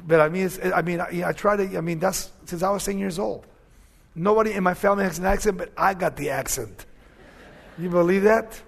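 Older male pastor with an accent, high gravelly voice, conversational sermon delivery. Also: a little fast. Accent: Spanish-accented English. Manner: conversational preaching, rising to emphatic questions.

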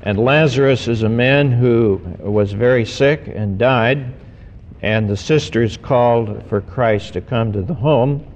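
A man, a pastor, giving an earnest sermon, slowing down to stress key words. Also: medium pitch, darkish tone. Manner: measured, earnest preaching with slowed emphasis. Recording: dull recording with long hall reverb.

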